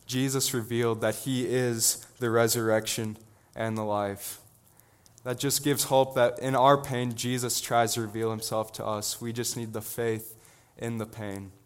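A teenage boy preaching a sermon in an earnest, halting way, with many restarts. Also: mid-range voice, clean tone. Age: teens. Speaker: student preacher.

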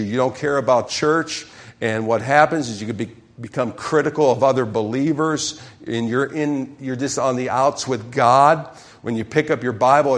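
A man, a pastor, preaching a sermon and calling out to his congregation with emphatic questions. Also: medium pitch.

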